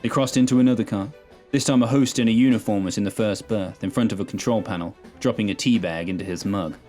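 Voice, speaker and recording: A man with a low voice narrates a sci-fi story in measured, steady sentences. Quiet music plays beneath his reading. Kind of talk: scripted narration of an audio story.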